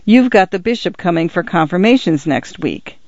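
A man voicing a genial older priest with an easygoing, gently teasing manner. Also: sits high, lively intonation, normal speed, no room sound. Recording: dull lo-fi recording.

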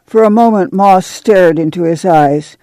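Gravelly reader narrating a story. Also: medium pitch, dry recording. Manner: steady, measured narrating. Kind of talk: dramatic audiobook narration.

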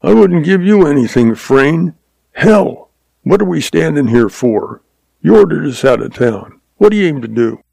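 A man's voice: on the low side, animated, takes it slowly, creaky, hardly any pauses, warm tone, no echo, exaggerated voice. A man voicing a tense Old West outlaw who snarls and strains his voice as if about to crack. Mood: snarling. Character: tense, snarling male outlaw at breaking point.

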